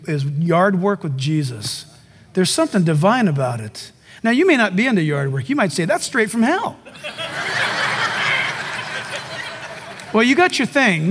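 A man preaching a sermon as pastor, emphatic and animated, with comic asides to the congregation. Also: sits high. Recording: long reverb of a large hall.

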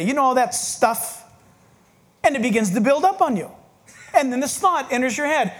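A man's voice: very high-pitched, lively intonation, normal speed, long pauses. A middle-aged male pastor preaching a sermon in a conversational way, with self-mocking asides.

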